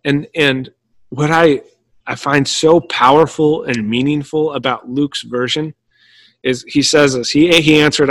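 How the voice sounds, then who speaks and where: A man preaching a teaching sermon in an earnest way, often restarting his sentences and slowing down for quoted scripture. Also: medium pitch, fairly even intonation, a bit bright, no room sound. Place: room at home.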